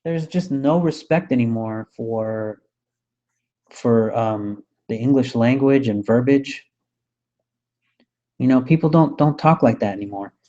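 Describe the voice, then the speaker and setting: A man's voice: mid-range voice, measured pace, long pauses, warm tone, highs cut off. Ranting male talk radio host. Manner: ranting, scornful. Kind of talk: opinion talk radio monologue.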